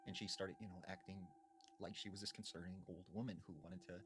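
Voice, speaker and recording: A man telling spooky stories in a hushed, dramatic way with drawn-out pauses. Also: low-pitched, steady tone, noisy background. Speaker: storyteller. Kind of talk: spooky storytelling.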